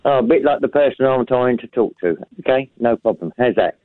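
Man, radio caller, wry, defensive, lively tone, tinny dry phone sound. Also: medium pitch, brisk, dry recording.

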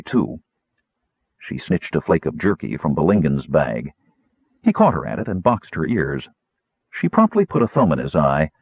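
A man narrating an audiobook in a lively, expressive reading. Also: sits low, breathy edge, dry recording. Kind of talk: scripted narration. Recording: thin phone-like dry audio.

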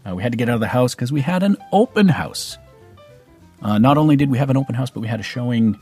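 A man's voice: medium pitch, a little mellow, husky. A middle-aged man with a Canadian accent, telling a personal story in a casual, rambling way with many fillers and restarts. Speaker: vlogger.

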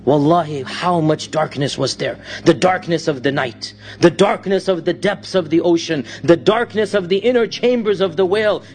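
A man's voice: a little high, moderate pace, hardly any pauses. A man preaching a sermon, telling a story dramatically and reciting Arabic verses between his English lines.

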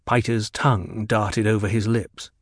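Narrating an audiobook with a fairly low-pitched voice, a man keeps his storytelling measured and even. The studio sound is clean, with no echo.

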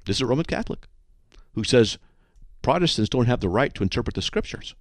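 A man's voice: lowish voice, quick pace, no echo, studio quality. A man hosting a radio talk show about studying the Bible, talking emphatically and acting out conversations. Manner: animated, emphatic, acts out dialogues. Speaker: radio host.

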